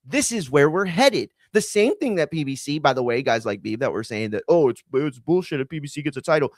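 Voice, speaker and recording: Guy ranting on his fight podcast, swears a ton, voice kinda high and jumping all over. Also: dry recording. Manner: heated, profane, rambling with many fillers. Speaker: combat sports podcast host. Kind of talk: casual opinion rant.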